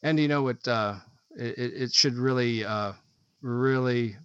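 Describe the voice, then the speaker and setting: A man's voice: mid-range voice, a little slow, clear, resonant tone, no room sound. Rambling man on a dull lo-fi podcast. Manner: rambling, searching for words. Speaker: podcast co-host. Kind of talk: casual chat. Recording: dull, dry lo-fi podcast audio.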